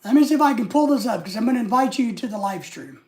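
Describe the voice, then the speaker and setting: A woman's voice: on the high side, lively intonation, fast talker, mellow. A woman hosting a casual live stream, rambling and reading viewer comments aloud.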